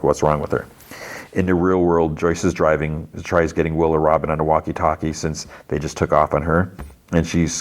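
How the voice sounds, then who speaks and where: A deep, low-pitched male podcast host recaps a show in a loose, casual way. He rambles and fills the gaps with fillers as he retells each scene.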